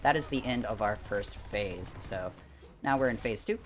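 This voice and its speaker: A man's voice: on the low side, moderate pace, slight background noise. A man narrating his own speedrun in a laid-back, offhand way while explaining the stages. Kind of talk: casual game commentary.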